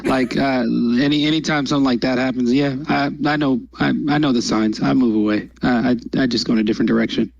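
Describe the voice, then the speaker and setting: Gravelly laid-back male guest. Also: medium pitch, steady tone, quick pace, few pauses, no room sound, lo-fi sound. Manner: laid-back, rambling, hesitant fillers. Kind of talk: casual livestream chat.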